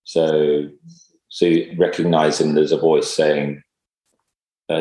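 A man in casual conversation, speaking in a halting, reflective way with many fillers and restarts. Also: very deep voice, level tone, warm tone. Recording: echoey room.

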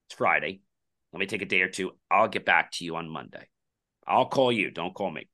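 A man's voice: sits low, fast. A man who founded a company, telling a long anecdote as a podcast guest and acting out the dialogue of the people in it. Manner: animated storyteller acting out quoted dialogue. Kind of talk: anecdotal storytelling in a conversation.

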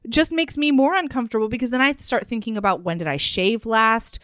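A woman co-hosting a podcast, recapping a romance novel in casual chat, animated and profane, often laughing. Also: fairly high pitch, brisk, no echo, studio quality. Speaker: podcast co-host.

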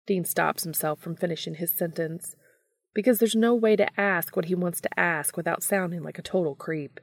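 A woman reading fan fiction aloud in a calm, even storytelling manner. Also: on the low side, normal speed, vocal fry, dry recording, clean studio sound. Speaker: podcast reader.

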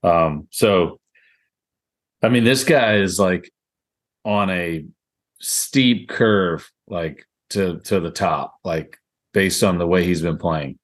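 Deep-voiced Southern man, rambling golf chat. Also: slow pace. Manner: rambling, laughs often, lots of "I mean". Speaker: podcast co-host. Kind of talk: casual golf podcast chat.

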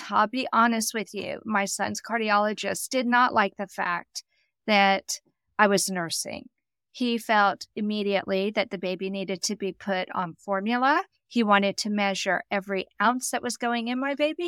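A middle-aged woman with a medium-pitched, fairly bright, smooth voice is a guest in an interview, telling an emotional personal story. She is earnest and quotes the people she talks about in dialogue. There is no echo.

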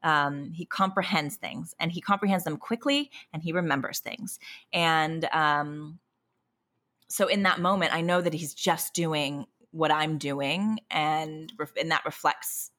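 A young adult woman and parent of a toddler, exhausted, talking candidly in a halting, self-interrupting, emotionally raw way. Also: sits low, fairly bright tone. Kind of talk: candid conversational chat.

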